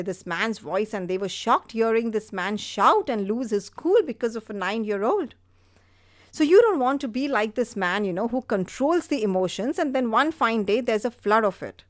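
A woman's voice: fairly high pitch, dry recording, clean studio sound. A woman hosting a motivational podcast, speaking earnestly, telling stories and leaning on fillers like "you know". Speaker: podcast host. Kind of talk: motivational talk.

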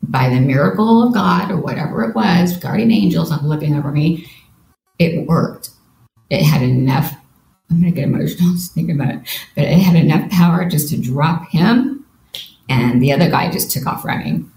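A woman with a slightly gravelly, fry-tinged voice recounts a personal experience as a podcast guest. She speaks earnestly and vividly, voicing her own thoughts as she goes. The recording sounds roomy and echoey, with a faint hiss of background noise. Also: low-pitched, normal speed, darkish tone. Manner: earnest, vivid retelling with quoted inner thoughts. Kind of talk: personal storytelling in a podcast interview.

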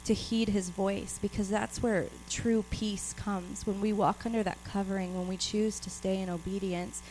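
A woman's voice: medium pitch, steady tone, normal speed, a little mellow, slight background noise, rough recording. A woman giving an informal, personal sermon and reading scripture aloud. She speaks out of breath, chatty, with laughs and many restarts. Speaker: preacher.

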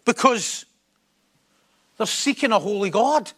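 High-voiced man preaching a sermon. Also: lively intonation, slow, pushed and bright. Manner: emphatic, repeats key phrases.

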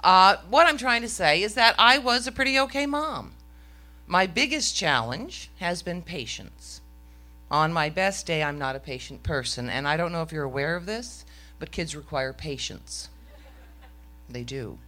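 A woman's voice: lowish voice, expressive, unhurried, sharp tone. A middle-aged woman telling a story on stage to a live audience, with a wry, self-mocking comic delivery.

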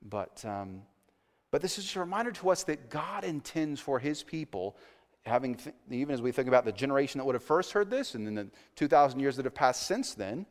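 A man preaching in a church sanctuary, his mid-pitched voice earnest and emphatic. He swells on key points and falls to quiet asides. Long reverb trails each phrase. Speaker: pastor. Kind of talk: sermon.

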